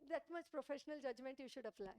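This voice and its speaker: A woman's voice: high voice, quick pace, darkish tone. A woman with an Indian English accent giving a classroom audit lecture, often stopping to check whether students follow. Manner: checks understanding with frequent rhetorical questions.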